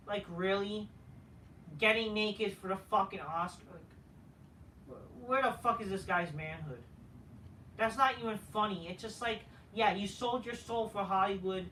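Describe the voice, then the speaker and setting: A man's voice: high voice, pushed and bright. Profane, dismissive man ranting. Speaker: wrestling show reviewer. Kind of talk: casual ranting review. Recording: roomy, faint noise, from a distance.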